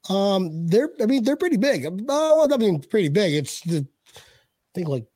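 A man hosting a casual podcast chat who gets excited, laughs a lot and stumbles over his words. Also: high voice, normal speed, dry recording. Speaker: podcast host.

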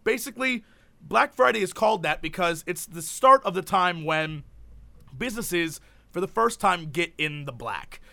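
Animated high-voiced young man joking. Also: normal speed, creaky. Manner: animated, jokey, rambling with restarts. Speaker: co-host. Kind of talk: casual comedic chat.

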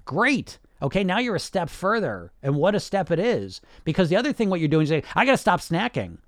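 Male podcast coach, blunt and sarcastic, swears freely, slightly high voice, dry sound. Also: very animated, a little fast, no echo. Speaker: weight loss coach and podcast host. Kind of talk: casual podcast monologue.

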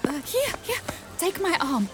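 A woman's voice: very high voice, sing-song, unhurried, music in the background, heavily acted. An actress playing a fussy, proper woman who helps a stranger, formal and flustered in an audio drama.

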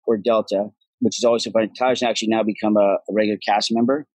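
A man being interviewed as an actor guest, telling stories in a casual, profane, animated way and acting out what others said. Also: lowish voice, rapid-fire, no room sound, rough recording.

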